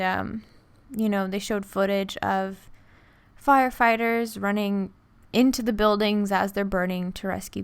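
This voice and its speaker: Young new woman telling a personal story on her vlog, soft and halting, smooth voice, dry close sound. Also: medium pitch, no echo. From New York. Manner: soft, hesitant, halting with many restarts. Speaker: art vlogger.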